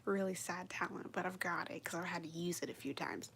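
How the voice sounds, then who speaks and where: A woman chatting casually on a live stream, telling a rambling, profane story full of "like" and sometimes dropping to a hushed whisper. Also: fairly low pitch, steady tone, brisk, vocal fry, a little hiss or hum. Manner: drops into a hushed whisper at times.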